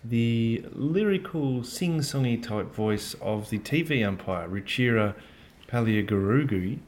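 Man, casual podcast chat, halting, lots of ums, slight background hiss. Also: medium pitch, animated, darkish tone. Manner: rambling, hesitant with many ums. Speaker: podcast co-host.

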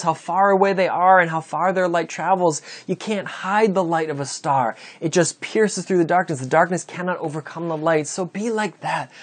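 A man preaching a sermon, reading scripture aloud and explaining it with rising emphasis. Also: fairly high pitch. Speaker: pastor.

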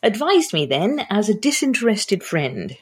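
A woman's voice: medium pitch, sing-song, a little slow, slightly rough, pitched above the performer's own voice. A woman voicing a sheltered, earnest young lady of genteel society as she reads aloud from a historical novel.

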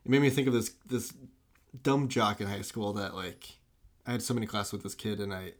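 A man's voice: fairly low pitch, brisk. A man in casual film chat, rambling and enthusiastic, full of "like" and restarts.

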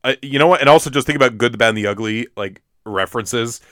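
A man's voice: medium pitch, quick pace, a bit bright, no echo, clean studio sound. A young man co-hosting a podcast in casual chat, hesitant and full of stumbling restarts. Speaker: podcast co-host.

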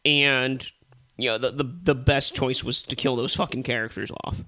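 A man co-hosting a casual movie review chat, ranting with animated, profane exasperation. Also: medium pitch, moderate pace.

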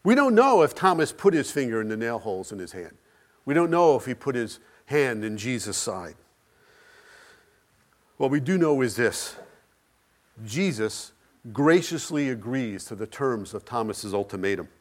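A man preaching a sermon, building with repeated phrases, rhetorical questions and dramatic pauses. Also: mid-range voice, very animated.

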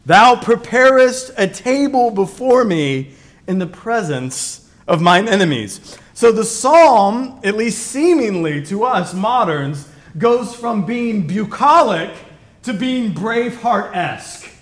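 A middle-aged man preaching a conversational sermon. He tells stories with digressions, and he swings from loud emphasis to quiet asides. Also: high voice, animated, takes it slowly. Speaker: pastor.

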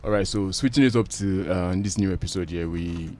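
A man co-hosting a casual podcast, teasing and playful, pausing with fillers as he searches for words. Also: deep voice, darkish tone. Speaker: podcast co-host. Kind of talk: casual banter.

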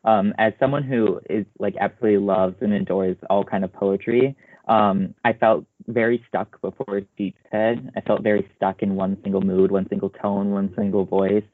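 A young man with a somewhat low voice speaks earnestly about his writing, hesitating with fillers. His voice is thin and phone-like. The sound is very dry. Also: steady tone, moderate pace, dry recording. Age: young adult. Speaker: student poet. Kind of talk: casual group reflection. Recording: tinny phone-like line.

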